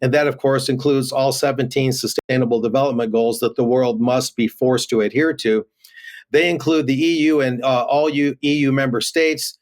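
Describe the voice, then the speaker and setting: A man's voice: mid-range voice, fairly even intonation, moderate pace. A man giving remote news commentary, reading headlines aloud with many fillers and restarts.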